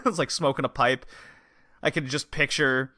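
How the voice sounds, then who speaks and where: A man's voice: medium pitch, steady tone, unhurried, bright, forceful tone, no room sound, clean studio sound. A man co-hosting a podcast, chatting casually and animatedly, laughing and acting out quotes. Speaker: podcast co-host.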